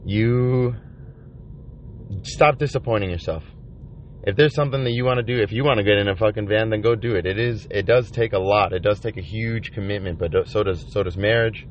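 Man, low voice, profane halting vlog confession from a van, dull lo-fi sound. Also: slight background noise. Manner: profane, halting, with many restarts. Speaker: vlogger. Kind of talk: rambling confessional monologue. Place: inside a van by the ocean. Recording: dull lo-fi recording.

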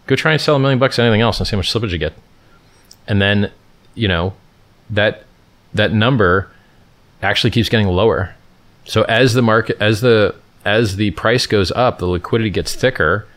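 Casual livestream host, male, from California, low voice, emphatic, repeats himself and restarts lines. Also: normal speed, a bit bright. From Stockton, California, USA. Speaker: livestream host answering viewer questions.

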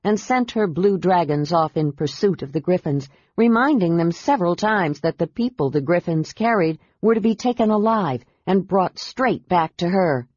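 A woman reading a fantasy novel aloud as audiobook narrator, with a measured, steady delivery. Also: lowish voice, breathy edge, no room sound. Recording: dull dry audiobook recording.

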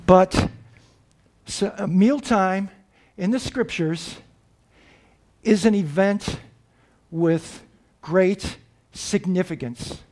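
A man preaching a sermon, earnest and reflective, pausing and restarting as he explains. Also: sits high, a little mellow.

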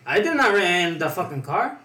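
A man's voice: high voice, sing-song, fairly quick, sharp tone, distant mic. A man bantering defensively in casual chat with heavy swearing. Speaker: podcast guest. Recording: echoey room, off-mic, faint noise.

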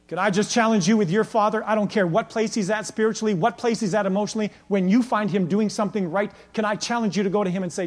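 A middle-aged man preaching a sermon as pastor, emphatic and rhetorical, building to near-shouts at his peaks. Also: high voice, brisk. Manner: repeats "can I tell you" rhetorically.

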